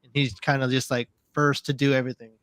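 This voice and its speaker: A male guest creator chatting casually on a livestream, telling a relaxed story. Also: mid-range voice, fast talker, smooth, no room sound.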